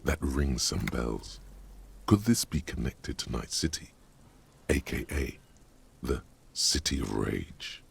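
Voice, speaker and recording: An actor voicing a grim, deadpan inner narrator in a video game, gravelly and dry. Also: male voice, rumbling low, takes it slowly, full character voice.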